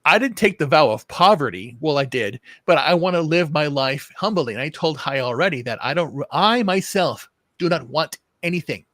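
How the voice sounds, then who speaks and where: A man's voice: a little high, lively intonation, normal speed, hardly any pauses, fairly bright tone, no echo, studio quality. A man hosting a casual political chat show, rambling with frequent restarts and repeated words, and swearing now and then. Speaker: show host.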